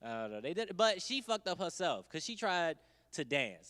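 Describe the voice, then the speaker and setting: A man's voice: high-pitched, very animated, normal speed, bright, forceful tone, long reverb tail. A man doing a stand-up comedy set, laid-back and conversational with wry asides.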